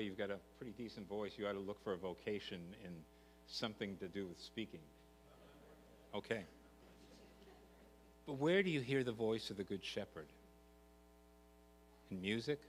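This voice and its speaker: A man's voice: fairly low pitch, a bit bright. An older man, a pastor, preaching a sermon in a church, earnest and rising to emphatic repetition. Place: church sanctuary. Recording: long church reverb, faint hum.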